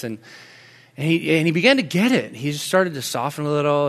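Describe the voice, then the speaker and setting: A man in his thirties, a pastor preaching a sermon in a conversational storytelling way, dropping to soft, quiet tones when he tells personal stories. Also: medium pitch, animated, brisk. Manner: conversational storytelling, drops to soft near-whispers in anecdotes.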